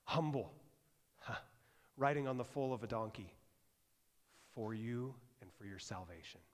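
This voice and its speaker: Animated pastor preaching in a reverberant church. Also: male voice, medium pitch, moderate pace. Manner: animated, conversational preaching, swings from loud to hushed. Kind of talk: sermon. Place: church sanctuary.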